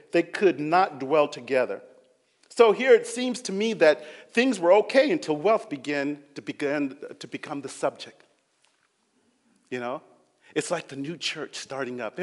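Man preaching in a reverberant hall. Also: on the high side. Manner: earnest, rising and falling between loud emphasis and quiet; acts out quoted voices. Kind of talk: sermon.

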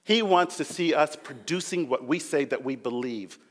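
A man preaching a sermon with earnest swings between loud emphasis and quiet passages, acting out quoted voices. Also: fairly high pitch, normal speed. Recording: long hall reverb.

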